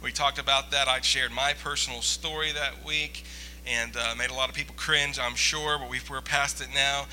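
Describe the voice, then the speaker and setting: A man's voice: mid-range voice, steady tone, normal speed, sharp tone, slight background noise, low-quality recording. A man preaching a sermon as pastor, conversational and joking with the congregation. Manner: joking, conversational, audience-teasing.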